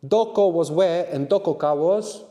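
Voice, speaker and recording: Man, language teacher, mellow tone, questioning "no?" tags, reverberant room. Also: fairly high pitch, normal speed. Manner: prompting questions, frequent "no?" tags. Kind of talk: interactive language lesson.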